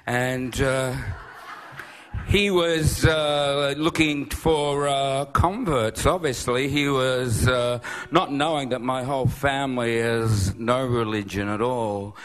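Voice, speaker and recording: An older man telling a rambling, absurd comic anecdote to an audience, slipping into high excited voices for quoted people. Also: slow, clean tone. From Australia. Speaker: guest storyteller at a writers' event. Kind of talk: comic anecdote, live talk.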